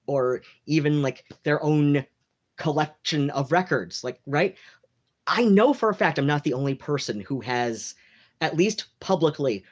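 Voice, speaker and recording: An American man who talks in a put-on mid-Atlantic accent, all drawn-out vowels and theatrical polish. He chats to his livestream from home, rambling and campy, with "like" and "you know" scattered through every sentence. The tone is gossipy and unhurried. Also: a little high. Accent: affected mid-Atlantic. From United States. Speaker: livestream host. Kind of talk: casual rambling livestream chat.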